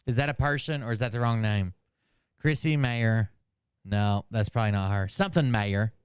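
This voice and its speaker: A man's voice: fairly low pitch, moderate pace, smooth, no room sound, studio quality. Rambling, profane male commentator. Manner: rambling and forgetful, loses names, profane asides. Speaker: commentary channel host.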